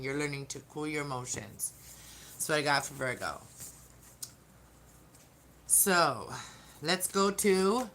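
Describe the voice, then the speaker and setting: Chatty low-voiced tarot reader woman. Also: a bit bright, slight background noise. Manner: chatty, greets viewers, trails off and restarts. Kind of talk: casual live-stream tarot reading.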